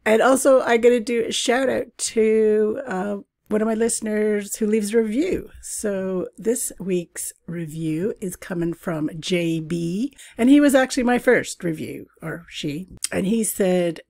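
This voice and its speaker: Gravelly-voiced woman chatting casually. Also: mid-range voice, darkish tone, no room sound, clean studio sound. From Canada. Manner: chatty, laughs often, fillers and asides. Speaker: podcast host. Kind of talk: casual solo podcast chat.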